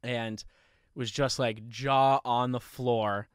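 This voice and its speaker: A young podcast host speaks slowly in a clear, resonant, medium-pitched voice. He casually tells a story with lots of swearing and laughter, keeping the retelling animated. The recording is dry and studio quality.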